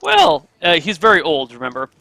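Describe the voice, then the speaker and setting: A man's voice: on the high side, huge pitch swings, moderate pace, creaky, bright, forceful tone, slight background noise. A man narrating as dungeon master in a casual tabletop game.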